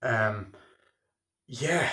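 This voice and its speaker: A man's voice: mid-range voice, expressive, very slow, bright, forceful tone. A man giving a loose, chatty spoken film review, heavy on filler words and swearing freely. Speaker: movie reviewer. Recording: echoey room.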